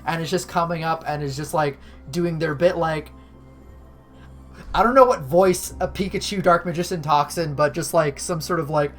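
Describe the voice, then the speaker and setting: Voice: mid-range voice, normal speed. Rambling game master, music under. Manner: rambling, filler-heavy. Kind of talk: narrating a tabletop game.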